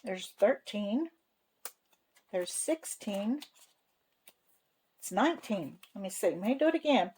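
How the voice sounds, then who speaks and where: A woman's voice: medium pitch, expressive, slow, pauses often, darkish tone, husky, low-quality recording. A woman hosting a savings vlog, chatting in a folksy, homey way and counting money aloud to herself. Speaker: savings channel host. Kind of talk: casual cash-stuffing vlog narration.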